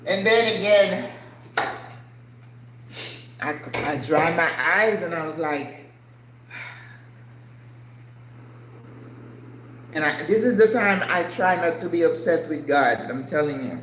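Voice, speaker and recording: An older woman hosts her channel from an echoey home kitchen with faint background noise, chatting casually as she cooks. Her voice sits on the low side, with lively intonation and a measured pace. She talks earnestly and emotionally, tossing out rhetorical questions.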